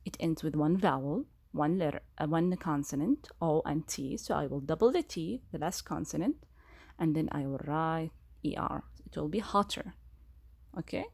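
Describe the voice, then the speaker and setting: Woman teacher, slow and patient, gravelly and a little husky, lively pitch, classroom grammar lesson. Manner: slow, repeats key words, asks questions.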